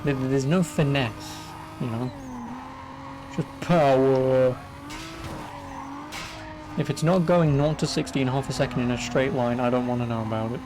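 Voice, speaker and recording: A man's voice: mid-range voice, fairly even intonation, a little fast, hardly any pauses, background noise. A young English man with an English accent giving sarcastic, swearing, casual commentary as he streams a racing game. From England. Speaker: gaming streamer. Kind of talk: casual let's-play commentary.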